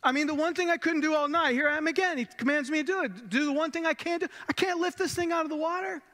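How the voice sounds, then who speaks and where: A man's voice: sits high, sharp tone. A man playing a plainspoken, awestruck fisherman. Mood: overwhelmed. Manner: first-person storytelling, casual and halting. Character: grown male fisherman disciple, plainspoken and awestruck. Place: church sanctuary. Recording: long church hall reverb.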